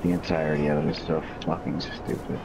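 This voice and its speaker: A man's voice: extremely low pitch, flat delivery, fast talker, gravelly, over music. A man chatting casually while playing a video game, rambling through crude jokes and laughing at them. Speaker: gamer. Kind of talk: casual gaming chat. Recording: muffled mic with noisy background.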